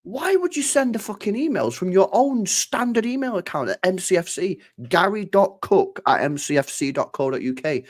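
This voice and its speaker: Guy ranting about football on a late night stream, pitch all over the place, lots of swearing. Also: moderate pace. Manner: swears freely, animated, acts out imagined dialogue. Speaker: football channel host. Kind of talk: live stream football chat.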